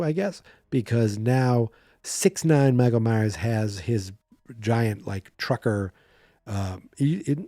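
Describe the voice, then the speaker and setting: Male podcast host, mellow tone, dry close mic, chatty animated film recap. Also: fairly low pitch, no room sound. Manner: chatty, animated retelling with quick acted-out voices. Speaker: horror movie podcast host.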